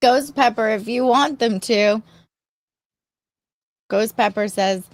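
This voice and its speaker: A woman's voice: on the high side, slow pace, long pauses, dry recording. A woman hosting a casual online chat, teasing and playful as she talks. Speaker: host.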